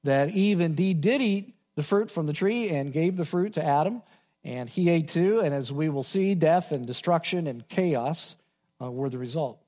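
A man preaching a sermon as pastor, repeating key points slowly for emphasis and dropping to quiet asides. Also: a little high, animated.

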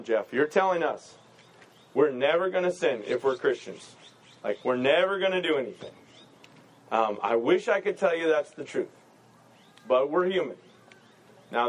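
A man pastor giving a casual, joking sermon, full of quick asides and rhetorical "right?" questions. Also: on the high side.

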